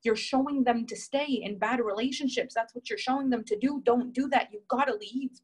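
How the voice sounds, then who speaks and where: A woman's voice: a little high, fairly quick, husky, pitched above the performer's own voice. A worried mother pleads again and again, her voice rising as her insistence grows, as a woman quotes her. The delivery stays close to an everyday speaking voice. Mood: insistent. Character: worried mother urging her sister to leave.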